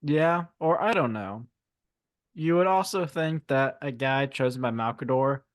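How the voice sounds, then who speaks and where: A man co-hosting a podcast, chatting casually about a book in a relaxed, joking way and swearing now and then. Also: mid-range voice, measured pace, dry recording, clean studio sound. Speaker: podcast co-host.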